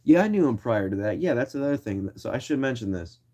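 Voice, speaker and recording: A man's voice: mid-range voice, sing-song, fast, warm tone. A young man telling a story in a casual, slangy way, full of swearing and acted-out quoted lines.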